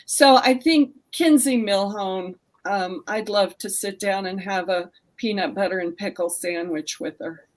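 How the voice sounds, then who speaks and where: A woman's voice: mid-range voice, measured pace, hardly any pauses. A woman, a mystery author, talking earnestly about a favorite book series over a video call. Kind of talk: casual conversation.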